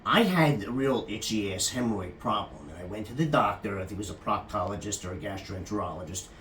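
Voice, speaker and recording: A man's voice: on the low side, lively intonation, a little fast, a bit bright, echoey room, slight background noise. A man giving a crude, rambling comic talk about hygiene, chatting to the person filming him. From California. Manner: rambling, crude and jokey, often addressing the camera operator by name. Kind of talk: casual comic monologue to the camera operator.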